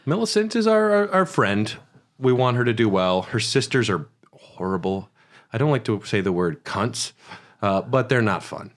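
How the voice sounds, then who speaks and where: A man co-hosting a casual gaming podcast, telling stories in a loose, profane, animated way. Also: medium pitch, moderate pace. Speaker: podcast co-host.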